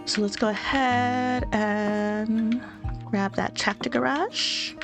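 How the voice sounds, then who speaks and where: A woman's voice: fairly high pitch, steady tone, slow. Chatty stuffy-nosed young woman. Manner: chatty, giggly, rambling. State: stuffy nose. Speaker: let's play host. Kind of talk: casual gameplay commentary. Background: faint game music.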